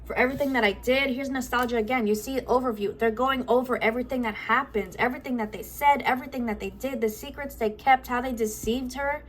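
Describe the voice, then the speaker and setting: A woman's voice: on the high side, fairly even intonation, a little fast, hardly any pauses. A woman giving a spiritual love reading at home, channeling aloud in a rambling way, often repeating herself and searching for words. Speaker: tarot card reader.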